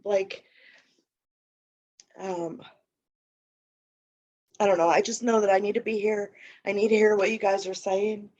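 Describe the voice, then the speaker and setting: A woman sharing personally at a recovery meeting, talking haltingly with many fillers and restarts. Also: medium pitch, steady tone, darkish tone, lo-fi sound.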